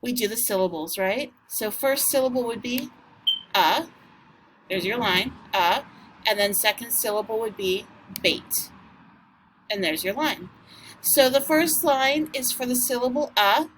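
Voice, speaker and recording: A woman teacher giving a recorded vocabulary lesson to students, speaking patiently and encouragingly and sounding words out slowly. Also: on the high side, a little hiss or hum.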